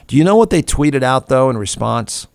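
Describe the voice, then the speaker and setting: A man's voice: medium pitch, expressive, normal speed, gravelly, smooth, dry recording. A man hosting a talk show, ranting in a snarky, irreverent way and laughing at his own jokes. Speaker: radio show host. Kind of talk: comedic talk show rant.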